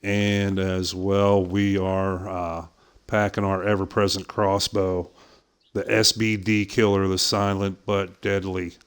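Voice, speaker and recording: A middle-aged streamer from southwest Pennsylvania gives casual live-stream commentary while playing a hunting game, chatty and quick to laugh, with frequent "uh" fillers. His smooth, deep voice carries a softened Pittsburgh American accent, and he speaks slowly with a flat delivery.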